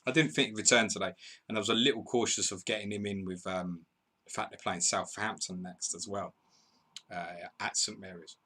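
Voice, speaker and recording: Man, live stream host, chatty and bantering, lowish voice, bright and forceful tone. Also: fairly even intonation, normal speed. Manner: chatty, banters with viewers, laughs often. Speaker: podcast host. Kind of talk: live stream commentary reading chat.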